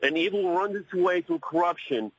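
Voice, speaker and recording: High-voiced man calling in to radio. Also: normal speed, slight background noise, low-quality recording. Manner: rambling, searching for words. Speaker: radio caller. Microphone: phone call.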